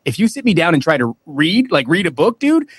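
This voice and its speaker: A man's voice: a little high, very animated, a little fast, husky, no room sound. A man talking as a podcast guest in loose, slangy casual chat. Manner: loose and chatty, slangy, says "dude".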